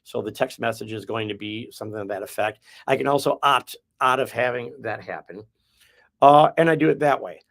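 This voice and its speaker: A man's voice: medium pitch, fairly quick, creaky. A man from the Midwest hosting a real estate podcast, explaining his methods in a folksy, rambling way with restarts. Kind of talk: casual podcast chat.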